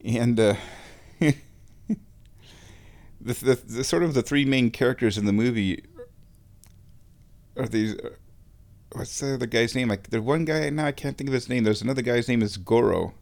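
A man hosting his own show, talking in a relaxed, rambling way while lying down and chuckling often. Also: medium pitch, normal speed, gravelly, pauses often. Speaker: solo show host. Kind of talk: casual monologue.

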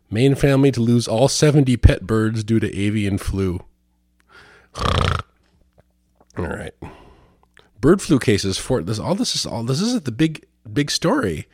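A man's voice: mid-range voice, sing-song, slow pace, pauses often, darkish tone, no echo, studio quality. A man hosting a show, reading news headlines aloud and giving casual, rambling commentary. He is sardonic and swears freely. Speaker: host.

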